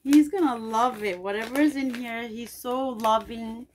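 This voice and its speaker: A woman's voice: fairly high pitch, measured pace, slight background noise. A middle-aged woman vlogger opening packages and gushing her thanks in casual unboxing chat.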